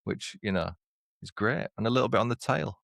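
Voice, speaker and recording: Chatty low-voiced man. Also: a little fast, creaky, fairly bright tone, no echo, studio quality. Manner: chatty, laughs at his own jokes. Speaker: podcast co-host. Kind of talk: casual chat. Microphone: lapel mic on walks, studio mic here.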